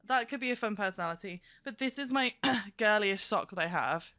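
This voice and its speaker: A young woman live-streaming with a slight lisp, chatting fast, giggly and excitable. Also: medium pitch, no room sound, soft background music. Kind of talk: casual live-stream chat.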